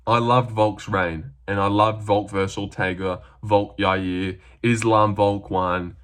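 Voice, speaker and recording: A man's voice: lowish voice, flat delivery, slow pace, a bit bright. A young Australian man talking casually through his fight predictions, rambling with lots of fillers.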